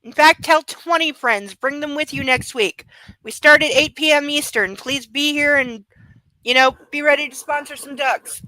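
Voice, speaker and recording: A woman's voice: sits high, moderate pace, bright, forceful tone, dry recording, rough recording. A woman hosting a live stream book club, chatting sarcastically and playfully. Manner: sarcastic, playful, coos at her dog. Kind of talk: casual live stream chat and reading aloud.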